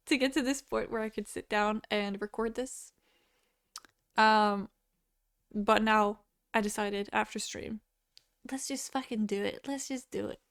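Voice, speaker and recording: Woman reviewer, rambling and unscripted, hiccuping, fairly high and clear voice. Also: fairly bright tone. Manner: rambling, self-interrupting, laughing. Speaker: movie reviewer. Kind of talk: casual unscripted monologue.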